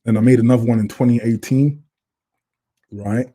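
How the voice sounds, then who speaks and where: A British man with a mid-range, dark-toned voice hosts a laid-back livestream at a moderate pace and with fairly even intonation. He chats and reads viewers' comments aloud, recorded on a computer webcam mic.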